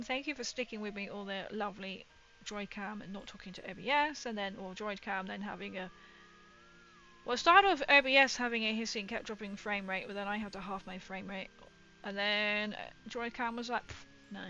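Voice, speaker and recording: Chatty woman with a bright voice. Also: medium pitch, brisk, lo-fi sound, faint music behind. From England. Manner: rambling, chatty, laughs often. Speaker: livestream host. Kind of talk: casual chat with viewers.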